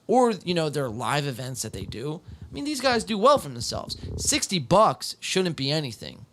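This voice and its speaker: Lively, profane podcast host. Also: male voice, on the high side, moderate pace, a little hiss or hum. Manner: profane, joking, animated. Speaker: podcast host reacting to clips. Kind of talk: casual reaction commentary.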